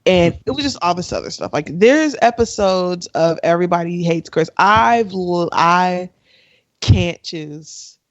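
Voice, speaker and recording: A woman's voice: fairly low pitch, expressive, unhurried, dry recording. Woman co-host, casual podcast chat, sighs a lot, torn and exasperated, dry slightly dull recording. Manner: indecisive, sighing, exasperated.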